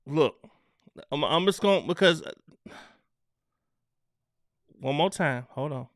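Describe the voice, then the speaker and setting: A man's voice: on the high side, animated, slow, no echo, studio quality. A man hosting a casual live stream, reading out viewer comments in a loose, chatty way and laughing between them. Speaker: online show host.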